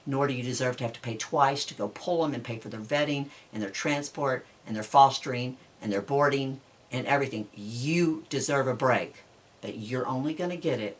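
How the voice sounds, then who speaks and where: An animal welfare advocate speaks to her supporters in a vlog, earnest, urging, and heartfelt. Her voice is very deep, a bit distant from the mic, with slight background noise.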